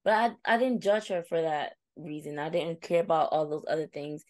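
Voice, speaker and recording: A young adult woman co-hosting a casual chat tells a reflective story in a deep voice, speaking fairly quickly with no room sound. She turns animated when acting out her friends' replies.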